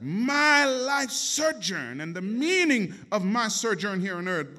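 A preacher doing young Jesus, solemn and intoning. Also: male voice, high voice, very animated, pushed and bright, exaggerated voice. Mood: earnest. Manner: slow, drawn-out, intoning. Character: twelve-year-old boy Jesus, earnest and solemn.

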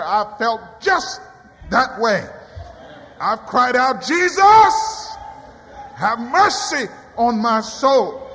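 A man preaching a sermon in a church, swinging from quiet low passages to high cries. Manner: dramatic rising cries and quiet drops. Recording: long hall reverb.

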